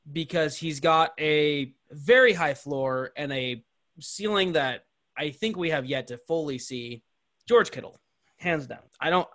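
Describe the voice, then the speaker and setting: A man's voice: on the high side, sharp tone. Tired, joking male podcast host. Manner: joking, steering the talk. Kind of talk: casual sports chat.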